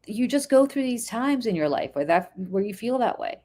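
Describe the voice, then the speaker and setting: A woman's voice: on the high side, very animated, moderate pace, mellow. A middle-aged woman hosting a podcast, talking earnestly and telling stories in casual chat. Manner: earnest, storytelling, repeats phrases. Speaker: podcast host.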